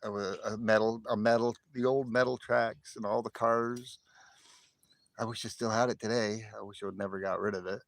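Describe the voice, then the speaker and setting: A man's voice: on the low side, fairly even intonation, moderate pace, creaky, no echo. Rambling middle-aged man, stammering. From northern United States. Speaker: livestream host. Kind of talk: casual livestream chat.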